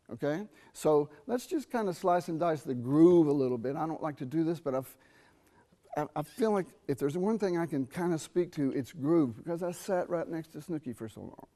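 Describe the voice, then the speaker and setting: Quizzing the audience and singing rhythms aloud, a middle-aged man teaches a conversational jazz trumpet masterclass on a university theatre stage. His voice is on the high side, with a dark tone.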